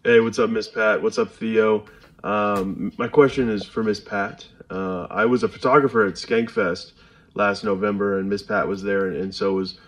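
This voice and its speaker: A man's voice: on the low side, steady tone, moderate pace. A man sending in a casual question to a podcast, hesitant with many fillers.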